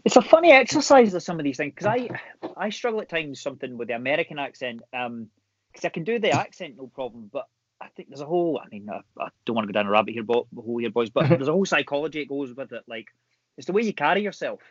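A man with a Scottish accent, an actor chatting casually and telling stories with animated energy. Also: medium pitch, fast, husky, dry recording, dull audio. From Scotland. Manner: animated storyteller, laughs easily. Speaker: actor guest. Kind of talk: casual chat.

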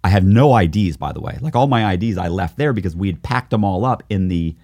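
A middle-aged man, a guest on a podcast, casually telling an animated story, acting out what people said and chuckling often. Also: low-pitched, quick pace, no room sound, studio quality. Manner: animated, acts out quoted dialogue, chuckles often. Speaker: guest, author and former con artist.

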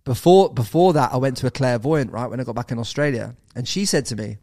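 An English man in his thirties, a podcast guest telling a story in casual chat, animated and swearing, with bro and mate thrown in. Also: medium pitch, fast, no room sound, studio quality. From England.

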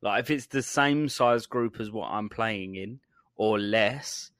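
A man's voice: on the low side, slow, fairly bright tone, dry recording. Male podcast co-host, laid-back banter, laughs a lot, dry close sound; casual chat. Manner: jokey, laughs often, drawling asides. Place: home recording space.

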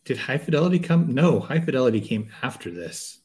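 A man's voice: medium pitch, very animated, a little fast, darkish tone. A man co-hosting a podcast, chatting casually about a film, reminiscing and laughing easily. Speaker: podcast co-host. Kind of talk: casual movie chat.

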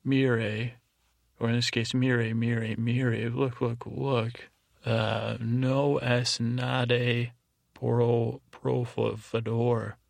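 A man's voice: medium pitch, little pitch movement, extremely slow, vocal fry, no room sound. A man hosting a bedtime podcast, rambling along and stumbling over foreign words as he reads them out. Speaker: podcast host.

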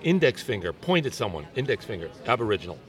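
A playful man hosting a casual talk show outdoors in a garden, his pitch rising and falling a lot as he jokes around. He is recorded outside with other people talking behind him. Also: sing-song, fast, crowd noise. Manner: playful, jokey, acts out little voices. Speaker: show host. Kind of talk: casual chat.

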